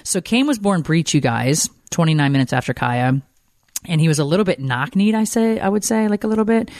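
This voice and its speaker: A woman's voice: fairly low pitch, animated, brisk, darkish tone, no echo, studio quality. A middle-aged woman hosting a podcast, telling rambling stories in a chatty way with lots of fillers. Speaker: podcast host. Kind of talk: casual chat.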